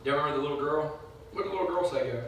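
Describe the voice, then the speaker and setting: High, bright-voiced preacher. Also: male voice, rapid-fire, a little hiss or hum. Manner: casual, rambling storytelling with folksy asides. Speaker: pastor. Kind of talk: conversational sermon. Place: church sanctuary. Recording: echoey church from far off.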